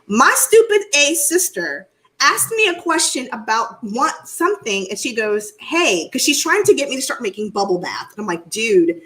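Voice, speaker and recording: Animated woman on a video call. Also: high-pitched, normal speed, rough recording. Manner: animated storytelling with loud laughs. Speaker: Reiki practitioner and co-host. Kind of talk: casual live-stream chat.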